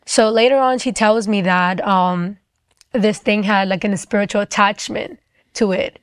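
Telling her testimony casually, this young woman leans heavily on "like" and performs the voices of the people she quotes. She has a smooth, medium-pitched voice, fairly even intonation and a slightly slow pace, captured in a dry recording.

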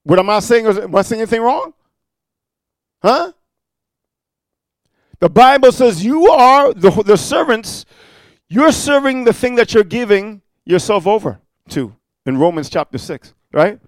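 A preacher giving a fiery sermon, firing off rebukes and rhetorical questions with repeated "amen" and "huh", moving between quiet storytelling and loud warnings. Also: male voice, high voice, sing-song, measured pace, pauses often, no echo.

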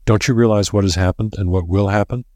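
A man's voice: lowish voice, fairly even intonation, mellow, dry recording, clean studio sound, natural voice. A man voicing a grim old professor. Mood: grave. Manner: grave, measured. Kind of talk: audiobook character voice.

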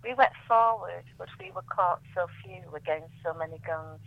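A woman reading her own poems aloud in a measured, solemn way, then chatting about them. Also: on the low side, vocal fry, no echo, narrow, tinny audio. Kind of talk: poetry reading and radio chat.

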